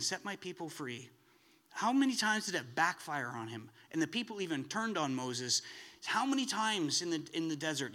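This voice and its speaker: A man preaching a sermon with a high, bright voice. He talks in an animated way and often climbs to excited, emphatic peaks.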